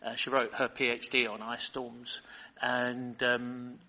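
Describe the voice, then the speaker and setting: A man's voice: mid-range voice, monotone, takes it slowly, bright, forceful tone, big-room sound. An older British man preaching, reading scripture and then chatting in a digressive way with many fillers. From Britain. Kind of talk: Bible reading and sermon. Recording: muffled lo-fi recording.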